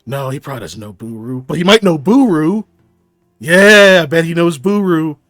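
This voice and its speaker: A man voicing a gruff male lead wolf of a pack, speaking low and muttering as he sizes up a stranger. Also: lively intonation, moderate pace, fairly bright tone, no echo, clean studio sound, faint music behind. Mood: musing.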